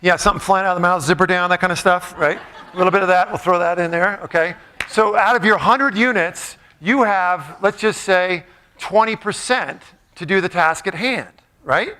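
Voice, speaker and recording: High bright man joking with a crowd. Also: moderate pace. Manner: playful, jokey, quizzes the crowd. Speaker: motivational speaker. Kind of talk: live audience talk. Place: large room with a live audience.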